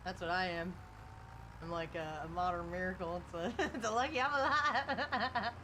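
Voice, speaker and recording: A woman's voice: lowish voice, fairly even intonation, normal speed, sharp tone, a little hiss or hum. A woman live-streaming casual chat from a farm while driving a tractor, chatty and laughing often as she answers her viewers.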